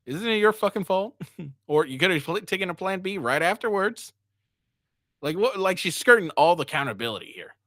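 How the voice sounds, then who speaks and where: A man's voice: high voice, lively intonation, a little fast, a bit bright, no echo, clean studio sound. A man giving crude, mocking reaction commentary, swearing and laughing as he talks. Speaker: commentary streamer.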